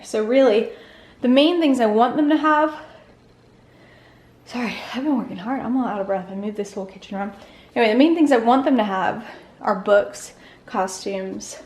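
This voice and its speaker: A woman's voice: medium pitch, echoey room, a little hiss or hum. A young woman and mother giving a casual home-tour vlog, chatty with lots of "um" and "like". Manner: chatty, filler-heavy with frequent "um" and "like". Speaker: vlogger, mother. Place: home playroom.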